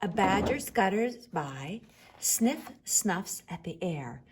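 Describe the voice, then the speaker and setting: A woman reading a picture book aloud to children, expressive, dropping to a hush on the refrains. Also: medium pitch, slow pace, noisy background. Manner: expressive, with hushed whispered refrains. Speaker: storyteller.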